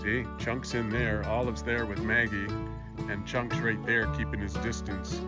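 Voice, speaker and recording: A man's voice: lowish voice, flat delivery, unhurried, over loud music. A man vlogging on his farm, chatting outdoors by the barn to his cats in a fond pet-talk voice. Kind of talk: casual talk to farm animals.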